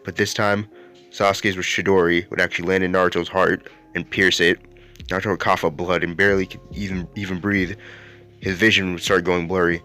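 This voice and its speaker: A man's voice: low voice, pushed and bright. A man hosting a YouTube channel and narrating a fan-made anime what-if story in a casual, rambling way. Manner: casual, rambling, with fillers and restarts. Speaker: YouTube host.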